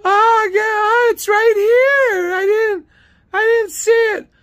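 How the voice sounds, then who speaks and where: A man putting on a shrill, whiny voice for a dismissive office clerk who stammers and gets flustered. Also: fairly even intonation, slow pace, fairly bright tone, full character voice.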